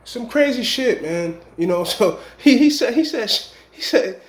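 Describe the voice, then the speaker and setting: High-voiced man rambling a story. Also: lively intonation, measured pace. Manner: rambling, emphatic slang. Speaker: vlogger. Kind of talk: casual storytelling. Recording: echoey room.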